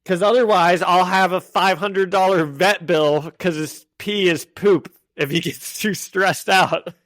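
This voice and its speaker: Unhurried and high-voiced, this man co-hosts a podcast in a dry recording with clean studio sound. He runs through comic issues in casual chat, animatedly performing quoted lines in different voices.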